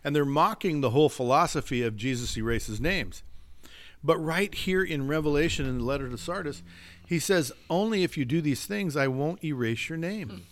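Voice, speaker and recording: A man's voice: fairly high pitch, expressive, normal speed. A man who is a pastor, talking earnestly and emphatically in a casual faith discussion, slipping into a preaching tone.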